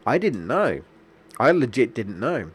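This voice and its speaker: A man's voice: mid-range voice, very animated, measured pace, slightly rough, soft background music. A young man, streaming a video game and telling a long rambling story with lots of restarts. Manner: rambling, anecdotal, many restarts and fillers. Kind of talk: casual gameplay commentary.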